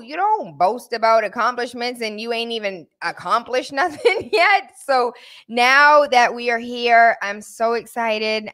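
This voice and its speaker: A woman hosting a show, chatting casually and telling animated stories full of slang. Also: a little high. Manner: animated storytelling, lots of laughter and slang. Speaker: host. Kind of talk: casual chat.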